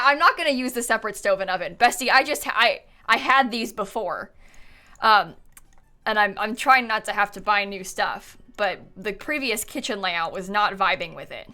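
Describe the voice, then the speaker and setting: A woman's voice: medium pitch, sharp tone. A woman streaming live, chatting casually and thinking aloud as she builds, with frequent ums and laughs.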